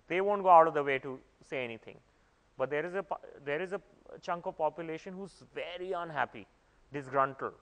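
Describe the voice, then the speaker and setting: A man gives a conference talk in an average-pitched voice. He explains at length and often doubles back on a phrase. The sound carries the long echo of a large hall. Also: fairly bright tone. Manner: explanatory, repeats and restarts phrases. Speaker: conference speaker.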